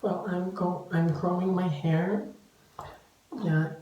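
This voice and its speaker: A man's voice: sits high, level tone, slow, warm tone, dull audio. A young man vlogging in a playful, cursing way, often dropping into whispered asides. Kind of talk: casual vlog chat. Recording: echoey room with background noise.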